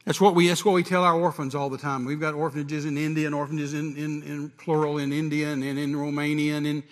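A man preaching a sermon, animated, rising to shouts at its peaks. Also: a little high, fast. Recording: long hall reverb.

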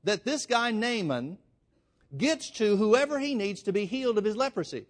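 A preacher doing a slow commanding king. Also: sits high, animated, pitched above the performer's own voice. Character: commanding ancient king writing orders, man.

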